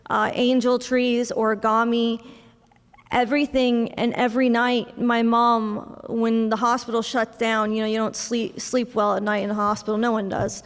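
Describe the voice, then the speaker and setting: Young woman, memorial speech, storytelling with soft laughs, fairly high voice, long hall reverb. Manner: storytelling with soft laughs, acting out family dialogue. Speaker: eulogy speaker, daughter of the deceased.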